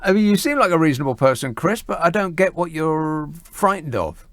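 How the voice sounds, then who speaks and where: A man's voice: a little high, expressive, a little fast, no echo. A man hosting a call-in radio show, arguing with callers in a sarcastic, incredulous way. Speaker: radio host. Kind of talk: talk radio. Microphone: studio mic.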